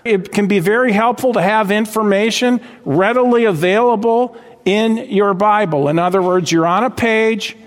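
High-voiced emphatic preacher in a hall. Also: male voice. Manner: emphatic, asks the congregation questions. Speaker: pastor. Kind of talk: sermon.

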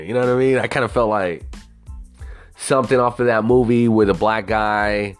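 A man's voice: on the low side, steady tone, normal speed, faint music behind. A man from the United States in a casual, rambling, profane monologue, often asking whether you know what he means.

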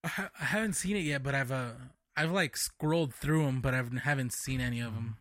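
A man's voice: mid-range voice, a little fast, a bit bright, dry recording, clean studio sound. A man in casual chat, telling stories in a rambling, profane way.

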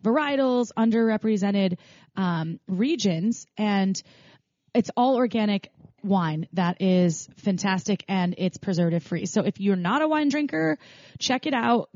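A woman co-hosting a podcast in casual chat, chatty and quick to laugh, with many fillers. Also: medium pitch, animated, a little mellow, no room sound, lo-fi sound. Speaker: podcast co-host.

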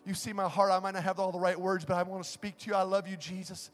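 A man preaching a sermon, swinging between shouted passages and soft, quiet talk, recorded live in a large church. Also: high voice, flat delivery, fast talker. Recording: live church sound with long reverb and music behind.

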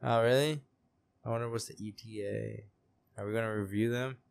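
A man's voice: fairly low pitch, fairly even intonation, moderate pace, gravelly. A young man co-hosting a podcast in casual, profane banter. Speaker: podcast co-host. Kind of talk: casual chat.

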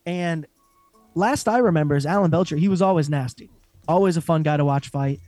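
A young man in casual podcast banter, cursing and laughing his way through fight talk. His voice sits a little high and sounds close and dry, with no room around it. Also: brisk, no echo, faint music behind. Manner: profane, animated, laughs often. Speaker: podcast co-host. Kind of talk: casual chat.

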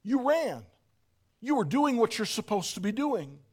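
A man preaching a sermon, dropping to a near hush and then rising to shouts. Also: very high voice, very animated, unhurried, breathy edge. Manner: swings from soft hush to shouting. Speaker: pastor.

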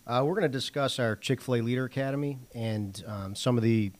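A man's voice: medium pitch, a little fast, darkish tone. A young man, a student guest on a radio show, speaking plainly and evenly. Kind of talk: radio interview answers.

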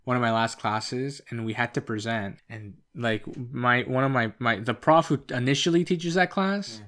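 A young man from Canada talks in a casual podcast chat, pitched in the middle of the male range. He tells a rambling story and keeps pressing to finish it when interrupted. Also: moderate pace, fairly bright tone. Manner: rambling storyteller, insists on finishing his point.

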